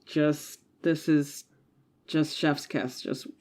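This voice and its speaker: A woman's voice: sits low, steady tone, extremely slow, a little mellow. A woman co-hosting a podcast, chatting casually and animatedly about a movie, laughing often and using lots of "like" fillers. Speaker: podcast co-host. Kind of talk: casual chat.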